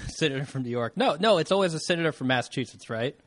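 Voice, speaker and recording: A man's voice: fairly high pitch, animated, quick pace, no room sound. Laid-back man in casual podcast chat. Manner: laid-back, short agreeing replies. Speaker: podcast co-host.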